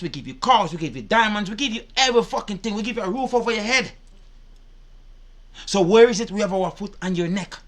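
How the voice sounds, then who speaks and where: A man's voice: high voice, a bit bright. A man giving indignant, profane reaction commentary. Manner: indignant, profane, repetitive ranting. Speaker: reaction video host.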